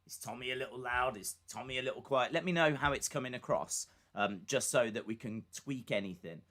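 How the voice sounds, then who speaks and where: A man's voice: medium pitch, fairly quick, a bit bright. A man with a British accent co-hosting a live stream, chatting casually in a playful, teasing way. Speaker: podcast co-host.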